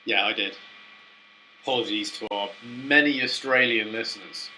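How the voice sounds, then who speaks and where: Male co-host with a bright, forceful edge and lowish pitch, relaxed chat, lots of quick agreement. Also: a little hiss or hum, rough recording. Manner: easygoing, quick agreeing interjections. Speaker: podcast co-host. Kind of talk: casual chat.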